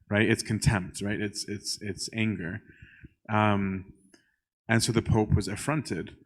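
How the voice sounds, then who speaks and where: A man, a priest, telling a church story in a conversational way, often checking in with the listeners and pausing on "um". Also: on the low side, level tone. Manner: conversational, keeps checking in with "right?"; frequent filler "um".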